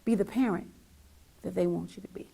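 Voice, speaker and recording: This middle-aged woman hosting a talk show has a fairly low, creaky, husky voice and talks fairly quickly. Her emphatic, emotional monologue to viewers ranges from loud to barely whispered, with lines repeated for weight.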